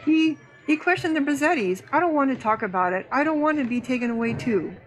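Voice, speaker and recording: A woman's voice: high voice, expressive, fairly quick, poor audio. A woman doing a timid cat-folk innkeeper. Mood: worried. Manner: timid, apologetic. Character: worried, humble female cat-folk innkeeper.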